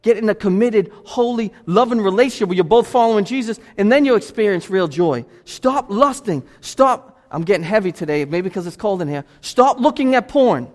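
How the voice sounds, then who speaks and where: A man's voice: high-pitched, fast, few pauses, a little mellow. A male pastor preaching a sermon in a church, with emphatic, repetitive exhortation. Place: church sanctuary. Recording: long church reverb.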